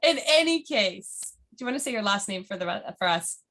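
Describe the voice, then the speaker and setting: A woman's voice: medium pitch, animated, brisk, pushed and bright. A middle-aged woman hosting an interview in a bubbly, chatty way, laughing often and rambling a little. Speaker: host. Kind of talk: casual interview chat.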